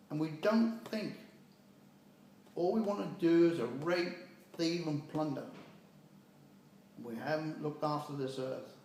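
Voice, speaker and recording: An older man from the UK delivering a preachy, scolding monologue in blunt, impassioned words. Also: sits high. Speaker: speaker giving a personal message. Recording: very echoey room.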